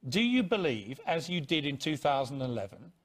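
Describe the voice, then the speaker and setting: A male TV presenter in a studio pushes his guest with pointed, interrupting questions during a heated live debate. His voice sits a little high for a man and carries a slightly husky edge. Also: sing-song, normal speed. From Sussex, England. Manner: pressing, cuts in with pointed questions.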